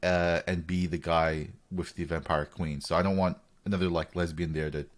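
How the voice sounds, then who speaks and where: A man's voice: low-pitched, little pitch movement, normal speed. A man co-hosting a podcast, chatting casually in a blunt, jokey way with lots of "dude" and "like". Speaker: podcast co-host. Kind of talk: casual chat.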